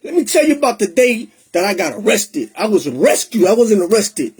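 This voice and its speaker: A man recounts his own testimony in a high, husky voice. He talks in a streetwise, emotional way and slips Spanish phrases into his English. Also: sing-song, moderate pace, a little mellow. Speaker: testimony speaker. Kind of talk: personal testimony storytelling.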